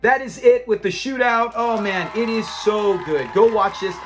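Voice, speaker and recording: A man reviewing a TV episode in a casual, animated retelling, laughing often and acting out the characters' lines. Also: sits high, normal speed, soft background music.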